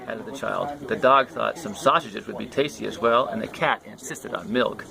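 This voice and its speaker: An older man reading a children's picture book aloud outdoors in a lively way. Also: lowish voice, moderate pace, creaky, few pauses, a crowd in the background, poor audio. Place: outdoors by a lake. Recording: outdoors with a tour group chattering nearby.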